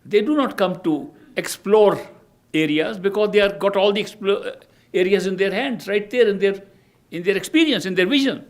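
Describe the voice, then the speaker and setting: Speaking as a teacher in a spiritual discourse, an older man with a voice that sits high relates stories at a measured pace. He often starts his phrases over.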